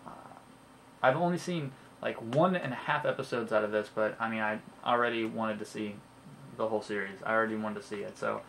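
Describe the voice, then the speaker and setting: A man's voice: fairly low pitch, a little fast, gravelly, fairly bright tone, a little hiss or hum. A young man talking casually about his purchases in a haul video, rambling and chatty, full of ums and uhs, and stumbling over names as he goes. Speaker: home video collector showing his purchases.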